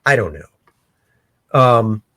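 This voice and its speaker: A man hosting a casual livestream where he talks through his own comic pencils, excitable and breaking into shouts. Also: mid-range voice, drawn-out words. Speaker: comic artist and show host. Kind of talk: casual livestream art commentary.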